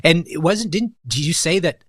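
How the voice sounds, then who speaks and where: A man's voice: fairly high pitch, lively intonation, moderate pace, no room sound, clean studio sound. A man hosting sports talk radio, asking his co-host conversational, leading questions.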